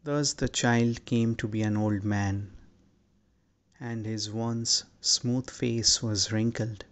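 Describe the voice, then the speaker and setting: A man reading a storybook in a slow, measured scripted narration. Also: mid-range voice, steady tone. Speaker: audiobook narrator.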